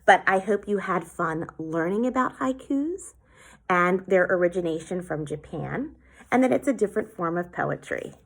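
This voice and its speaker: Sounding out every word syllable by syllable, a woman teacher gives children a slow, clear poetry lesson. Her voice sits on the low side and is expressive.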